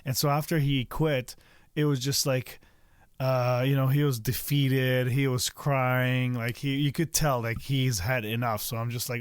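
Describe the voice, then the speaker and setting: A middle-aged man at a mid pitch, hosting a podcast in a relaxed, unhurried way. He pauses with "uh" and "like" while gathering his thoughts. The mic sound is dry and close. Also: smooth, dry recording. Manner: relaxed, hesitant, many "uh" and "like". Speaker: podcast host. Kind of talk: casual podcast conversation.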